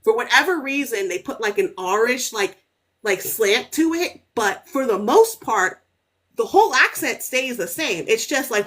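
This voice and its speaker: A woman author telling stories as a podcast guest in casual, animated chat, cursing freely. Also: fairly high pitch. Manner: animated, storytelling, swears freely.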